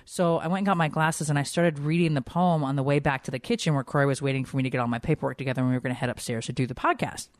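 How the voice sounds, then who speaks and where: A woman's voice: sits low, steady tone, very fast, few pauses, no echo. A woman in her forties from Connecticut hosting a podcast in a rambling, emotional, casual chat. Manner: chatty, rambling, emotional, many fillers. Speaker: podcast host.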